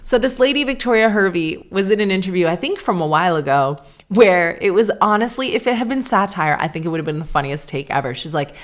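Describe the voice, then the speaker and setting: A woman in her forties talks her way through a solo podcast episode in a low, deep-set voice. She is candid and chatty, dropping dry sarcastic asides as she goes. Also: animated, quick pace, hardly any pauses. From Canada. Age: 40s. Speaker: podcast host. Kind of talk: casual solo podcast chat.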